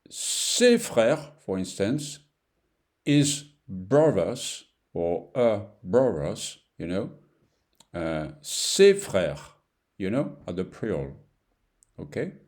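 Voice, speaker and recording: A man with a French accent, a native French speaker teaching a beginner language lesson, talking slowly and repeating each word with fillers like "you know". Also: deep voice, darkish tone. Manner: slow, repetitive, with fillers and "you know", pausing to repeat words.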